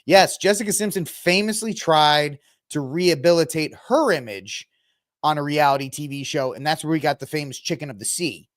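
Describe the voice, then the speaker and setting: A man's voice: fairly high pitch, moderate pace, no room sound, studio quality. A man hosting a casual commentary podcast, sarcastic and mocking, often putting on voices to quote people. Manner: sarcastic, animated, mocking voices when quoting. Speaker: podcast host.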